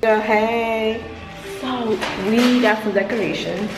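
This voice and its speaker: A woman chatting in a family vlog, excitable and laughing a lot, switching between English and Spanish. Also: fairly high pitch, slow pace, gravelly, reverberant, music in the background. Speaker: family vlogger. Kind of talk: casual family chat.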